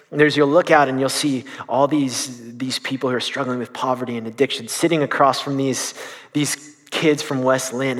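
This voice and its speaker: A young man gives a storytelling sermon to a youth group. He talks earnestly and haltingly, restarting his sentences and filling pauses as he goes, in a mid-pitched everyday voice. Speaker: youth minister.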